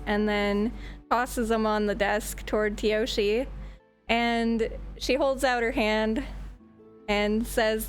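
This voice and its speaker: A woman narrating a tabletop game as game master in a casual, rambling way, sometimes searching for words. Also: on the high side.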